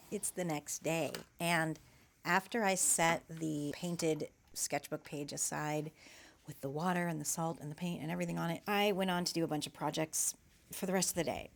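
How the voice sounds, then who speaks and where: A woman art vlogger narrates her watercolor work in a loose, chatty voice-over. Her voice sits a bit low, and she talks with easy enthusiasm, wandering off into friendly tangents. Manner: chatty, enthusiastic, rambling asides.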